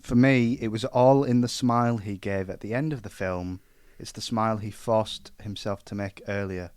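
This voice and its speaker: Dude cohosting a film podcast, easygoing, laughs a lot, dry close sound. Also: male voice, lowish voice, steady tone, moderate pace, darkish tone, clear, resonant tone, dry recording. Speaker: podcast co-host. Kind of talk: casual film chat.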